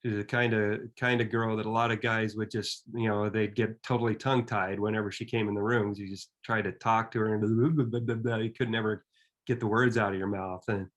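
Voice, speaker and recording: A man in his fifties telling a personal story in an earnest, reflective way, often pausing and restarting his sentences. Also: on the low side, little pitch movement.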